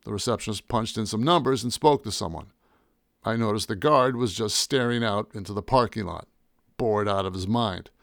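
Man, first-person story narration, wry, deadpan, gravelly, dry close recording. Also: fairly low pitch, normal speed, dry recording. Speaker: audiobook narrator.

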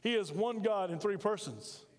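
A pastor preaches in a high, ringing voice, folksy and emphatic, tossing questions out to his congregation. His words trail off into the long reverb of a church sanctuary. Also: normal speed. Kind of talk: sermon.

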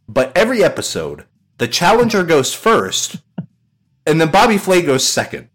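Animated swearing man telling a story. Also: on the high side, normal speed. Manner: animated storyteller, swears, mimics people with laughter. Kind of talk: casual podcast banter.

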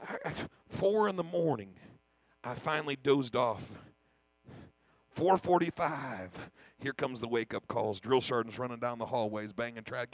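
A man's voice: mid-range voice, moderate pace, a bit bright, no echo, low-quality recording. A male senior pastor preaching a sermon, emphatic, often repeating words and acting out the voices in his head.

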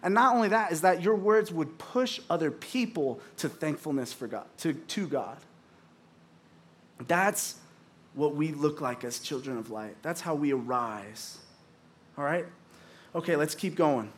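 Chatty male pastor with a higher voice. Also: lively intonation, unhurried, slight background noise. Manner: chatty, full of "like" and restarts, acts out little dialogues. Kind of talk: casual conversational sermon.

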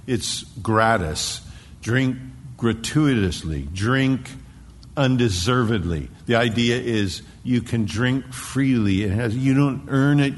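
Male preacher, low gravelly voice, sermon style with hushed emphatic drops; long hall reverb. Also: slight background noise. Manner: dramatic drops to a hushed whisper; digressing into Greek word study. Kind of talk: expository sermon. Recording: long echo in a large hall.

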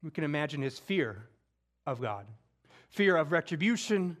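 A man preaching a conversational sermon, acting out scripture quotes and moving between loud emphasis and hushed, intimate moments. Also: fairly high pitch, big pitch swings, moderate pace. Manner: conversational, with casual slang.

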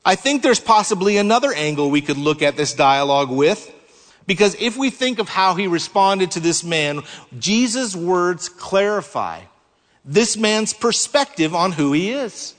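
Male preacher, higher voice, sermon delivery, deliberate emphasis, long hall reverb. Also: expressive, fairly bright tone. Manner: measured, slows down to stress key words.

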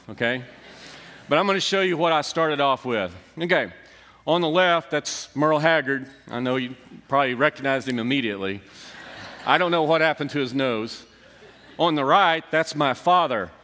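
A man's voice: mid-range voice, a bit bright. A middle-aged man preaching a sermon, telling a personal story in a conversational, self-deprecating way. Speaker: pastor. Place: church sanctuary. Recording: long reverb of a church hall.

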